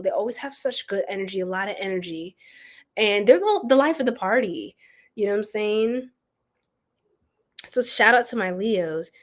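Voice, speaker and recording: A woman giving a chatty live-streamed tarot reading, greeting chat viewers affectionately and using casual slang. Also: medium pitch. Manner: uses slang like y'all and boo. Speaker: tarot reader.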